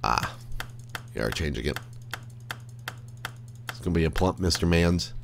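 A man's voice: low voice, measured pace, creaky, background noise. A man streaming a game, rambling to himself in casual commentary and swearing freely from his desk. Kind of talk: casual live gameplay commentary. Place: at a desk by a computer.

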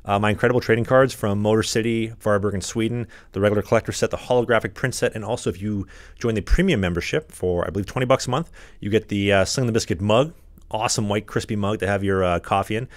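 A Canadian man, a podcast host and hockey goalie, chatting casually from a locker-room stall at a rink, joking and rambling with quick asides. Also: lowish voice, no room sound.

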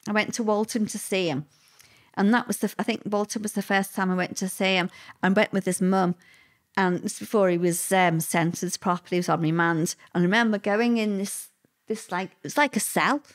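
A woman's voice: mid-range voice, a little fast. A middle-aged woman, telling a personal story as an interview guest, chatty and repetitive. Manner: conversational, repeats words, lively quoted voices.

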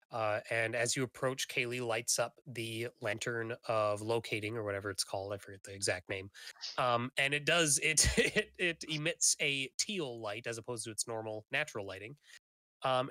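A man running a tabletop game as game master, narrating casually and filling pauses with ums and likes. His voice is bright and forward, in a dry, close recording. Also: mid-range voice, dry recording. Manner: casual with many fillers.

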